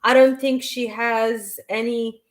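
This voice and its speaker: A woman doing a live-stream tarot reading, reading chat questions aloud and answering them in a halting way, with frequent restarts. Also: on the high side, little pitch movement, poor audio. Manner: slow and unhurried. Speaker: tarot reader.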